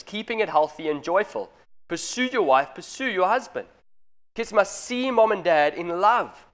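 A man in his thirties preaches to a congregation in an earnest, direct manner. His voice sits a little higher than most men's, and he presses each point home as he addresses the parents. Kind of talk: sermon.

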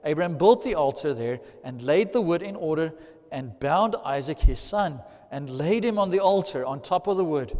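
A man preaching a sermon, animated and swelling loudly to stress key points, recorded in a large hall. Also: on the high side, normal speed. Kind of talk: sermon teaching. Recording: long hall reverb.

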